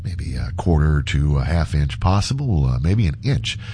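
A man's voice: extremely low pitch, big pitch swings, normal speed, dark tone, breathy edge. A man hosting a casual morning radio show, talking through a stuffy, congested nose in a chatty, self-mocking way. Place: radio studio.

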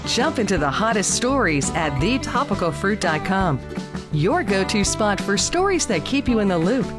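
A woman announcing a podcast promo in a bright, promotional manner. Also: mid-range voice, very animated, normal speed, loud music behind the voice. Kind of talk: commercial read.

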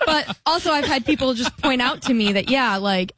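A woman's voice: fairly high pitch, animated, normal speed, hardly any pauses, fairly bright tone, no echo. A young woman co-hosting a podcast, talking candidly in a rambling casual way with lots of "like" fillers. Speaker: podcast co-host. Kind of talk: casual chat.

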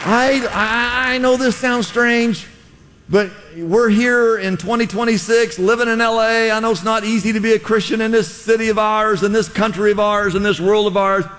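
A man's voice: high-pitched, fairly even intonation, moderate pace, a bit bright, long reverb tail, a faint crowd. A male pastor preaching a sermon in a church, with impassioned exhortations and lots of repetition.

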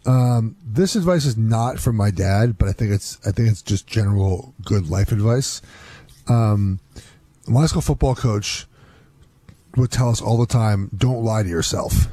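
A man's voice: lowish voice, measured pace, warm tone, breathy edge, dry recording. A man co-hosting a sports radio show, arguing his point with sarcastic back-and-forth. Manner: argumentative, sarcastic. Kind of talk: casual sports radio banter.

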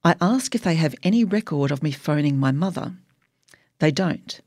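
A woman's voice: low voice, lively intonation, moderate pace, a little mellow, dry recording, studio quality. A woman narrating her memoir in a wry, emotionally charged audiobook reading.

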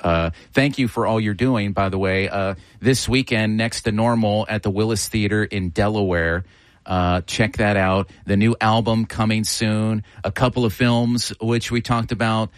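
A man's voice: lowish voice, fairly even intonation, moderate pace, no echo, studio quality. A man in his fifties hosting an interview, effusive and enthusiastic toward his guest. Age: 50s. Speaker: host.

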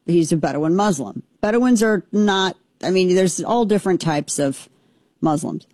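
A woman's voice: fairly low pitch, expressive, a little slow, warm tone, dry recording. A woman hosting a show, giving opinionated commentary in an impassioned, emphatic way that rambles with restarts.

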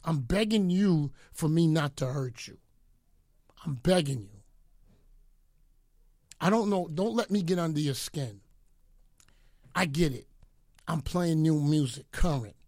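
A man's voice: on the high side, a little mellow, no room sound, clean studio sound. A middle-aged man delivering a boastful, taunting rant aimed at rivals, mock-pleading with them to leave him alone. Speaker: radio DJ. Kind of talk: ranting commentary.

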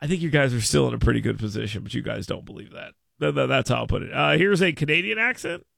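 Gravelly, bright-voiced male show host. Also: mid-range voice, expressive, quick pace, no echo. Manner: stammering, repeats his words often. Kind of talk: casual live-stream commentary.

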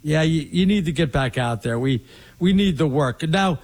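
A husky-voiced man co-hosting casual sports talk. His pitch sits a little high for a man. He rambles, restarts often and pushes his opinions hard. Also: lively intonation, moderate pace. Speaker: podcast co-host.

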